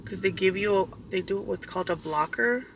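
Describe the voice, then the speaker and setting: A woman's voice: medium pitch, fairly quick, far from the mic, low-quality recording. A middle-aged woman vlogging, telling a personal story in a candid, rambling way with casual swearing. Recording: road noise, mic held away.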